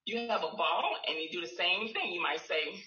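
A speech pathologist addresses an audience of parents, describing how to use play and demonstrating sing-song phrases for a child. Her voice is lowish, expressive and sharp in tone, at a moderate pace. The audio has room echo and a slightly dull quality.

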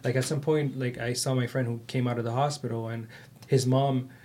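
A man's voice: medium pitch, level tone, a little fast, noisy background. A man in casual conversation, telling personal stories emphatically, with frequent restarts. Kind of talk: casual chat.

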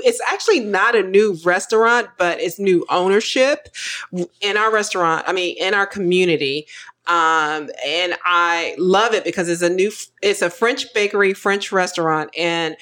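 A woman's voice: medium pitch, moderate pace, fairly bright tone. A woman co-hosting a podcast, chatting casually and animatedly, laughing often as she talks. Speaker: podcast co-host. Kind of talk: casual chat.

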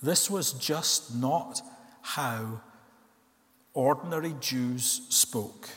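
A man preaching a sermon in a church, earnest, asking rhetorical questions and slowing down to stress key words. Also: medium pitch, a bit bright. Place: church hall. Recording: long reverb of a church hall.

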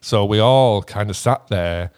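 A young British man in casual chat, animated and rambling, swearing and laughing often. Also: lowish voice, unhurried, clean tone. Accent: British English. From Britain.

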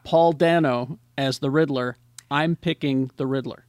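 A man's voice: mid-range voice, fairly even intonation, measured pace, darkish tone, clear, resonant tone, no echo, studio quality. A man hosting a casual group chat, reading out award nominees one by one. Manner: reads out award nominees in lists. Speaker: host.

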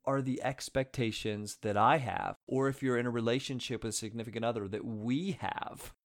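A man giving an energetic, conversational advice talk to his viewers, often checking in with them as he speaks. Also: on the low side.

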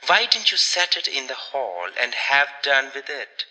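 A man reading aloud, voicing a stern, peremptory woman who scolds briskly. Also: medium pitch, very animated, sharp tone, in a large hall, full character voice, rough recording. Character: stern peremptory middle-aged woman, sewing.

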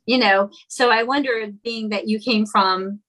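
A woman's voice: a little high, steady tone, unhurried, fairly bright tone, low-quality recording. A chatty woman host with a partial Long Island accent, asking questions in a casual interview. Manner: chatty, talks with many fillers.

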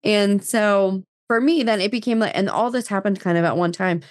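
A woman's voice: mid-range voice, moderate pace, dry recording, studio quality. A woman in her thirties from New Jersey, a podcast guest telling her story in casual chat full of fillers and quoted dialogue.

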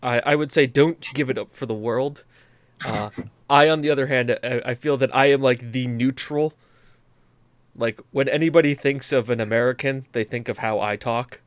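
A man's voice: mid-range voice, moderate pace, smooth, dry recording. A man with a New England accent hosting a podcast in a rambling, profane casual chat with many stammered restarts. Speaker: podcast host.

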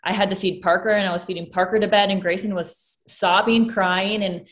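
Candid young mom, casual chat. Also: female voice, mid-range voice, fairly even intonation, a little fast. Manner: candid, emotional, tearful at times.

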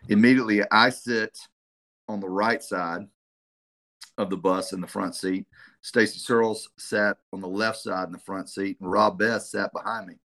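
A middle-aged man, a football coach telling a story as a podcast guest in a lively, animated way. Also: fairly low pitch, moderate pace, gravelly. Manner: animated storyteller, swears casually.

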